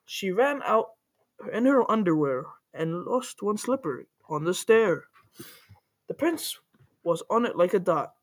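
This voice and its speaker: A woman reading a rhyming children's story aloud in a playful, animated way, with the odd slip. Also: medium pitch, a little slow. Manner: playful, animated, with small slips.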